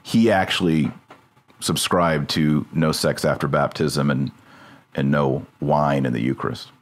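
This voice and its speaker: Slightly slow and steady, with an extremely low pitch, a podcast host casually talks a subject through. He thinks aloud, stopping mid-sentence to confirm terms.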